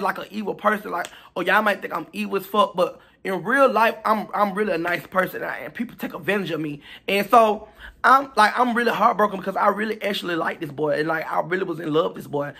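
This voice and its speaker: A man telling a storytime vlog in a chatty, animated, profane gossip manner, talking straight to his viewers. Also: sits high, gravelly, husky. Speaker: storytime vlogger.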